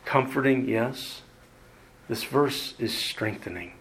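A man preaching a sermon, emphatic and deliberate, leaning hard on key words and pausing for effect. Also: medium pitch, fairly bright tone, slight background noise. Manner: emphatic, repeats words for emphasis, slow deliberate delivery with dramatic pauses. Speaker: pastor.

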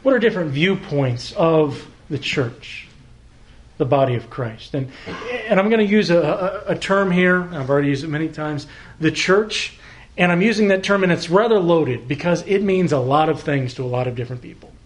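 A man delivers a sermon from the pulpit, his voice sitting a little high. He speaks conversationally, asks the congregation rhetorical questions and plays out short back-and-forth exchanges. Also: expressive, moderate pace. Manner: conversational preaching with rhetorical questions and acted-out dialogue. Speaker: pastor.

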